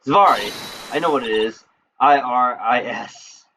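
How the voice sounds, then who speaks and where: A man's voice: medium pitch, unhurried, noisy background, natural voice. A man reading a teasing young woman sidekick from a video game aloud, in a playful voice, with game music behind.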